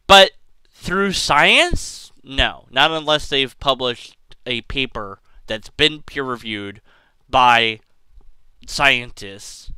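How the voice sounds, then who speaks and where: A man delivering exasperated, sarcastic commentary, reading quotes and picking them apart. His voice is very bright and clear, with a lively, swooping pitch and an unhurried pace. The sound is dry and close. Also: dry recording, rough recording. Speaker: video commentator.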